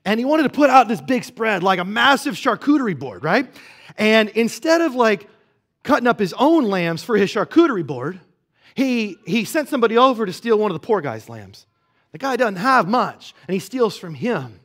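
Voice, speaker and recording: Preaching in a relaxed, conversational style at a moderate pace, a male pastor with a notably high voice swings between hushed, intimate asides and emphatic peaks. Along the way he checks in with rhetorical questions.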